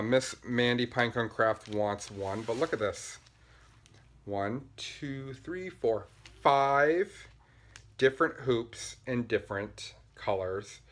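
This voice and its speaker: A man's voice: medium pitch, a bit bright. A man hosting a casual podcast, chatting in a rambling, upbeat way with lots of fillers, buzzing on caffeine. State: buzzing on caffeine, talking fast. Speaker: podcast host. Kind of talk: casual show-and-tell chat.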